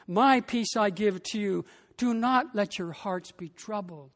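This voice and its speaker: A pastor preaching a sermon with a slow, deliberate delivery, rising in emphasis on key phrases. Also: mid-range voice, long reverb tail.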